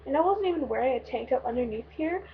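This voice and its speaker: A young woman vlogger telling a long road-trip story in a rambling, excitable way, swearing freely. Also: high voice, fast talker, distant mic, phone-quality sound. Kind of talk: casual storytelling vlog.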